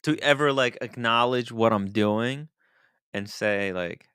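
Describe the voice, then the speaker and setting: A man hosting a casual livestream chat, animated and laughing often, sometimes trailing off into mumbles. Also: mid-range voice, measured pace, smooth, no echo, studio quality. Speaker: host.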